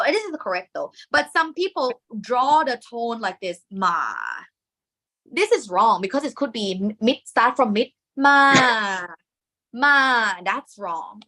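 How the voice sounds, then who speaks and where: A woman's voice: fairly high pitch, a bit bright. A woman with a Thai accent teaching a lesson, patiently demonstrating the sounds aloud. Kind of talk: classroom lesson.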